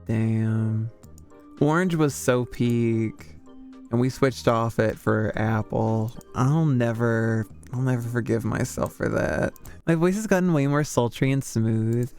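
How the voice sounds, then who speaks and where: A man's voice: mid-range voice, slow, a little mellow, faint music behind. A man streaming as a VTuber, talking casually with chat in a rambling way full of fillers. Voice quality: smooth. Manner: rambling, chatty, lots of fillers.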